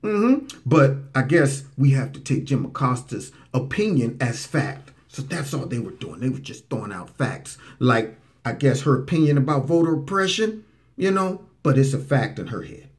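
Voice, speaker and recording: A man hosting a political commentary show, talking back to played clips in a mocking, animated way. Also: moderate pace. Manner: animated, mocking, swoops into high voices for impressions.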